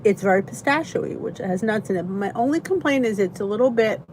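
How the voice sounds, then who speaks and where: A woman's voice: mid-range voice, lively intonation, brisk, a little mellow, a little hiss or hum. A tired, chatty woman hosting a casual livestream from her basement, greeting viewers by name and laughing often. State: tired, yawning. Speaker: channel host. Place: basement by a heater.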